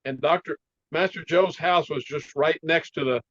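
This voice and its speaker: A man tells a story in an interview, animated and quick to laugh. His voice sits a bit high for a man. The sound is dry and a little muffled, like a lo-fi call recording. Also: no echo. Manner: animated storyteller, laughs often, clears throat. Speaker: martial arts teacher, interview guest.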